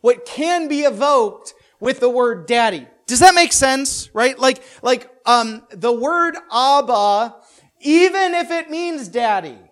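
High-voiced man teaching a Bible lesson. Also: a bit bright. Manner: keeps checking in with "right?", with joking asides; stumbles and repeats words as he thinks aloud.

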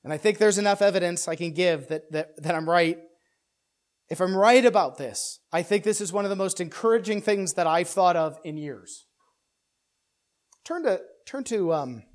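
A man preaching an expository sermon in an earnest way, often restarting and repeating words, and getting louder and higher as he presses a point. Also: expressive, moderate pace, pauses often. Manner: builds louder and higher when stressing a point.

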